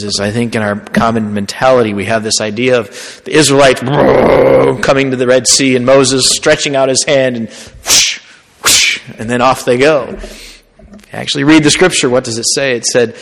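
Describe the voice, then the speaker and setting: A man who is a Catholic priest, giving a sermon in a slow, conversational storytelling way. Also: medium pitch, fairly bright tone. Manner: conversational storytelling preaching, slow deliberate phrasing. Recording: long hall reverb.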